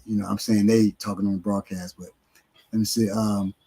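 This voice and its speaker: A man's voice: lowish voice, flat delivery, fairly quick, warm tone, rough recording. A man teaching martial arts on a casual live stream, answering questions in a blunt, streetwise way, sometimes swearing and often using fillers.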